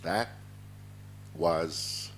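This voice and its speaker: A man's voice: deep voice, very slow, slight background noise. A man hosting a morning show, chatting and reading out listener greetings. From Grenada. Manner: chatty, reads listener messages aloud. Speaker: radio host.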